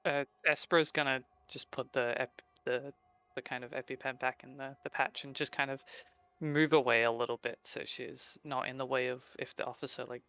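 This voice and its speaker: A man's voice: mid-range voice, flat delivery, normal speed, sharp tone, smooth. A man playing a tabletop game, describing his character's actions in a rambling, filler-heavy way.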